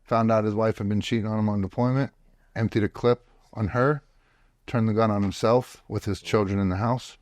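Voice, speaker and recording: Blunt, low-voiced male podcast guest. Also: steady tone, fairly quick, a little mellow, dry recording. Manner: blunt and profane, with frequent restarts. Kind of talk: casual storytelling. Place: home office.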